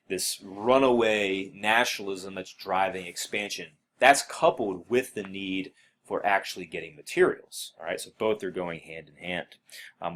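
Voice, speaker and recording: A man's voice: lowish voice, fairly bright tone. A man teaching a recorded history lesson while scrolling through notes, talking casually with many fillers and restarts. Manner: casual, filler-heavy, self-correcting. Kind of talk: recorded classroom lecture.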